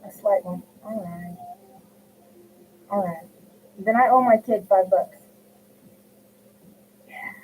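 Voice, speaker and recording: A middle-aged woman hosting a crochet livestream from home speaks slowly with frequent pauses, her mid-range voice dark in tone. She casually reads viewers' comments aloud and responds by name, and the sound is tinny and phone-like with slight hiss.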